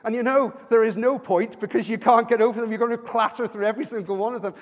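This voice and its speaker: Male preacher, earnest sermon, high voice, long church reverb. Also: fairly even intonation, fast, dull audio. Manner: earnest, personal, rising to emphatic repetitions.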